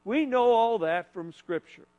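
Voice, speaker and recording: An earnest preacher with a high voice for a man delivers a sermon. He leads his listeners in repeating lines together and drops to a soft, low voice to make a point. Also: expressive, a little slow, dull audio. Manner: leads the congregation in call-and-repeat phrases.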